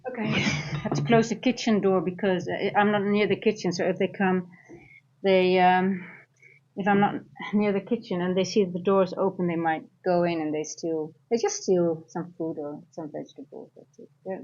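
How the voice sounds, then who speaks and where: A woman's voice: on the low side, little pitch movement, moderate pace, a little mellow, muffled recording. A woman streaming live from home as a futures trader and coach, chatting casually and thinking aloud as she rambles through her trades. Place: at home, near a kitchen.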